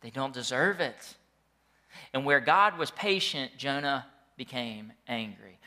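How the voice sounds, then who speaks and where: A middle-aged male pastor preaching a sermon, animated and joking as he tells stories to his congregation. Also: mid-range voice, takes it slowly. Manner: animated, jokey storytelling with the congregation.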